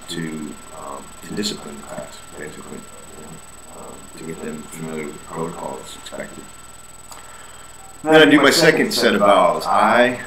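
A man's voice: deep voice, roomy sound, poor audio. A man, an English teacher, casually walking through a lesson plan and repeating vowel sounds as a drill.

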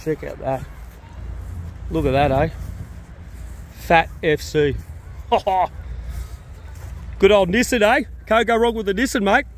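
Hyped-up aussie bloke with a high voice touring a car show outside, bit of background noise. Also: male voice, slow pace, pauses often. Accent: Australian. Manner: excitable, keeps asking people if they are excited. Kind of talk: energetic walkaround vlog. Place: outdoor car show on grass.

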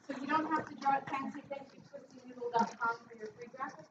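A woman's voice: high voice, steady tone, fast talker. A woman in her thirties, a therapist giving a casual workshop talk, joking and quizzing her audience. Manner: chatty, jokey asides, quizzes the audience. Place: lecture room. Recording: echoey, distant, dull and noisy.

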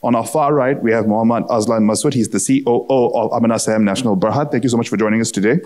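A man's voice: medium pitch, racing, a little mellow. A man moderating a conference panel, polished and upbeat with a few fillers.

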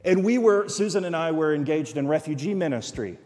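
A man's voice: fairly high pitch, animated, a little fast, a little mellow, slight background noise. A man preaching a sermon as a guest missionary, telling stories and repeating phrases for emphasis, recorded on a church livestream. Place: church sanctuary. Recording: church livestream with long hall reverb.

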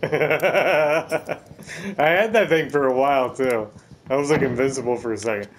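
A man's voice: medium pitch, measured pace. A man giving casual, profane gameplay commentary, laughing often and trash-talking his opponents.

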